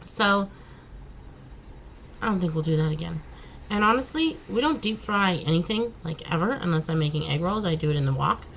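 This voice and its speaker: A woman's voice: on the low side, expressive, normal speed, creaky, fairly bright tone, slight background noise, poor audio. A woman chatting casually in a home vlog, laughing and exclaiming as she talks. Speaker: vlogger. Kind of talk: casual chat.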